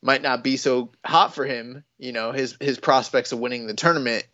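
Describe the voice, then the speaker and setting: A man's voice: mid-range voice, fairly even intonation, normal speed, bright, forceful tone, dry recording. Rambling man on a dull, dry recording. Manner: rambling, many fillers and restarts. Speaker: podcast co-host. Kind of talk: casual wrestling chat.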